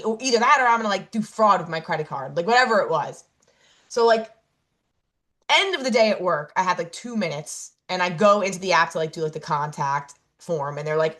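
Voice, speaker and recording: A woman's voice: mid-range voice, animated, a little fast, fairly bright tone. Woman, podcast co-host, casual chat, rambling storytelling, fillers and self-corrections, laughs at herself. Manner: laughs at herself while telling stories.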